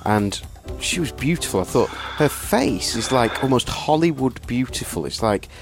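A man's voice: mid-range voice, animated, moderate pace, music in the background. A Welsh man on a podcast, telling a wry, self-mocking anecdote in casual chat. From Wales. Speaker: podcast co-host.

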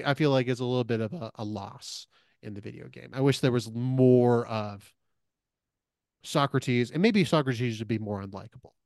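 A man's voice: medium pitch, darkish tone, dry recording, studio quality. A man co-hosting a podcast, talking things through in a casual, thoughtful way with many fillers and restarts. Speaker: podcast co-host. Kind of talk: casual discussion.

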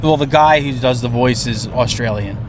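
A man's voice: mid-range voice, normal speed. A man co-hosting a podcast in a moving car, chatting casually and ranting with lots of swearing. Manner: profane, animated ranting. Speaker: podcast co-host. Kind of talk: casual chat. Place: inside a car on the road. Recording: road and car noise.

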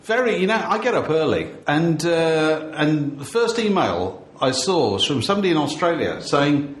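A man's voice: on the high side, big pitch swings, normal speed, echoey room, a little hiss or hum. A man hosting a podcast, chatting casually and telling wry stories with frequent laughs. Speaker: podcast host. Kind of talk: casual chat.

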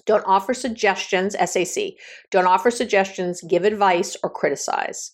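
A middle-aged woman, a relationship coach, giving direct, encouraging advice in a podcast monologue, her pitch leaping for emphasis.

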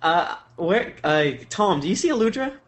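Animated, laughing player at the table. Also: mid-range voice, normal speed, slight background noise. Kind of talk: casual tabletop game chat.

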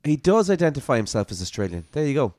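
A man's voice: medium pitch, big pitch swings, fast, heavy background noise. An Irish man co-hosting a podcast in casual chat, laughing easily and restarting his sentences. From Ireland. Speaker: podcast co-host.

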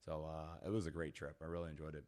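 Guy with a really low voice telling a fishing story on a podcast, keeps laughing, lots of um and like. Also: quick pace. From Texas. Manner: animated, laughs often, many fillers. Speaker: podcast guest. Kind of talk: casual storytelling.

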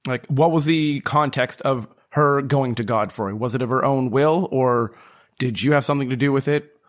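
A man's voice: medium pitch, moderate pace, natural voice. A man voicing a lovesick adventurer who pleads earnestly for news of someone dear. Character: lovesick adventurer searching for a loved one.

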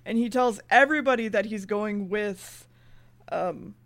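A woman co-hosting a podcast, retelling a TV episode in casual chat, swearing freely and slipping into quick character voices. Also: mid-range voice. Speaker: podcast co-host recapping an episode.

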